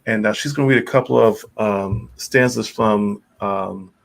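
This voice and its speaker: A man's voice: lowish voice, unhurried, gravelly. A man hosting a live-stream interview over a video call, encouraging and often giving short affirmations. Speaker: host.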